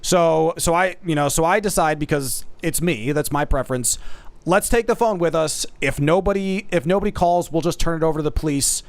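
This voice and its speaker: High-voiced male streamer, animated storyteller, dry close sound. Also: a little fast, vocal fry, dry recording. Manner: talks straight to the audience as folks. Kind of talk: casual storytelling.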